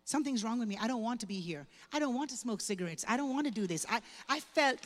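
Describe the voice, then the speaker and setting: A woman from Jamaica, a pastor telling her testimony as an animated, humorous and emotional story to a women's church event. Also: on the high side, fast. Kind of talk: sermon testimony told as a story. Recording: echoey hall reverb.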